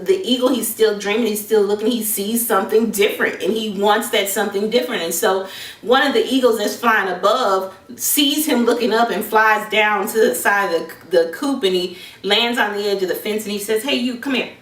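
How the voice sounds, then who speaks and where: A woman hosting an inspirational faith talk, telling a story in an earnest, measured, encouraging way, recorded with a roomy echo from a distance. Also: medium pitch, fairly bright tone. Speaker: faith podcast host.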